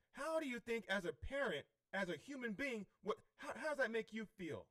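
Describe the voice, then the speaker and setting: A man's voice: very high-pitched, sing-song, fairly quick, hardly any pauses, sharp tone. A man coaching on spiritual healing in a livestream, preachy and repeatedly checking in with "okay?". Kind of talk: livestream teaching.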